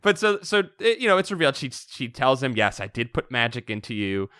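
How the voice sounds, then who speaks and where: A man co-hosting a podcast, recapping a story in casual chat, animated and laughing often. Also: medium pitch, brisk, clear, resonant tone, no echo, studio quality. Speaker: podcast co-host.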